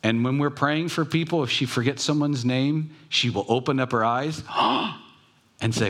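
A pastor giving a conversational sermon, telling stories with pauses and restarts. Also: male voice, medium pitch, bright, forceful tone.

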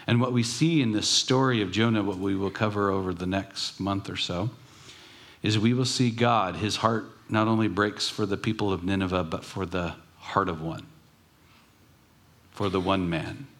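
A man's voice: sits low, fairly even intonation, normal speed, fairly bright tone. A man preaching a sermon as pastor, earnest, with emphatic rising bursts.

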